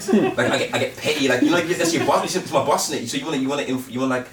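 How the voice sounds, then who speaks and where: A man's voice: medium pitch, quick pace, a crowd in the background. A man, joking in casual podcast chat full of slang. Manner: chatty with London slang. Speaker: podcast co-host. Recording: echoey room, far from mic.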